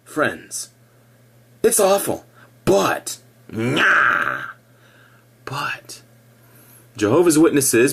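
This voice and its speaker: A middle-aged man ranting casually to camera about his past, animated and sarcastic, with laughing asides. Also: on the high side, unhurried, long pauses, slightly rough. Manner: animated, laughing asides, mock-cheerful impressions. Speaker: ex-member giving opinions.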